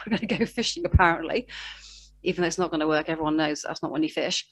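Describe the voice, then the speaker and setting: A woman preaching a sermon, telling a Bible story with animated delivery and acted-out quotes. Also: deep voice, a little fast.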